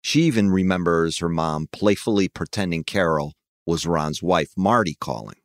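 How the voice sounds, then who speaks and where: A man narrating a true crime story in a measured, somber scripted read. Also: deep voice, lively intonation, no echo, studio quality.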